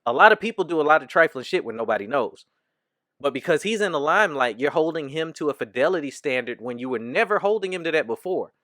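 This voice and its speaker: A man's voice: on the high side, animated, fast talker, pushed and bright, no room sound, clean studio sound. A man hosting a comedy podcast, talking in a loose, slangy way and laughing often. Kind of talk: casual chat.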